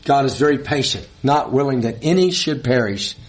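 A man's voice: mid-range voice, animated, normal speed. A man preaching a sermon, reading scripture and stressing points with repeated words and short laughs.

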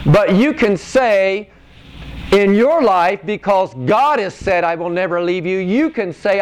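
A man's voice: high voice, animated, normal speed, rough recording. A man preaching a conversational sermon to a congregation, reading scripture and asking the room questions. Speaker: pastor.

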